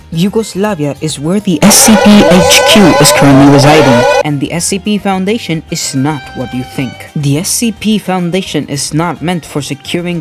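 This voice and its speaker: A man giving a scripted, deadpan voice-over of his gameplay, full of absurd, edgy jokes. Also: a little high. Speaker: gaming YouTuber. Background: music.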